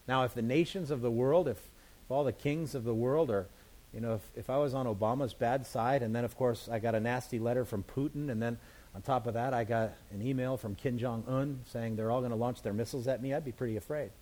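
A man's voice: medium pitch, fairly even intonation, fairly quick, dark tone. A man giving a sermon, walking through scripture verse by verse in a conversational, plain-spoken way with playful asides. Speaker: pastor.

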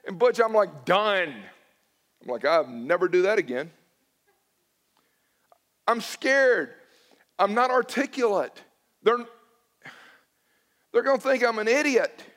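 A man's voice: very high-pitched, animated, unhurried, long pauses, a bit bright. A middle-aged man preaching a sermon as a pastor, telling stories in a conversational, self-deprecating way and acting out his own past dialogue.

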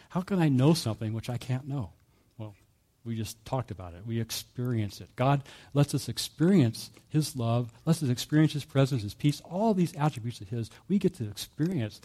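A man preaching a sermon in a relaxed, conversational way, telling a story with fillers and small chuckles. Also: mid-range voice, moderate pace. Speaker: pastor.

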